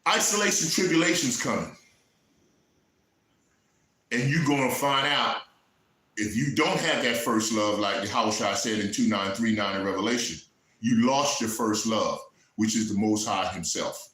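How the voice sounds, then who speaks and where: A man preaching a fervent sermon, building from earnest teaching into raised, shouted passages, with quieter emotional stretches. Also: fairly low pitch, moderate pace, roomy sound, low-quality recording. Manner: fervent, rising to shouts, then softening into emotional asides.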